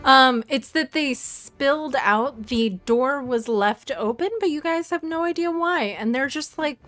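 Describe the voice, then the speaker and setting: A woman's voice: high voice, unhurried, fairly bright tone, soft background music. A woman running a tabletop game as game master, narrating chaotic scenes in a playful, rambling way with many fillers.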